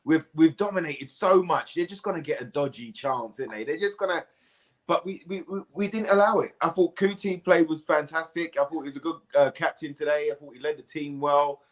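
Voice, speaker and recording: Guy on a footy pod, excitable, keeps repeating himself, bit high-voiced. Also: a little fast. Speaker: podcast guest. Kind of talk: casual football chat. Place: remote video call.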